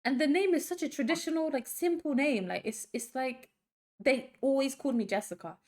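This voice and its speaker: A woman co-hosting a podcast, chatting casually and laughing often, with quick asides. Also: high-pitched, a little mellow. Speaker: podcast co-host. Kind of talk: casual chat.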